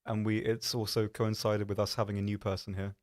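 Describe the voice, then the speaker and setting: A man's voice: on the low side, level tone, brisk. A man hosting a live stream, chatting casually in a rambling, self-deprecating way with lots of ums. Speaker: stream host.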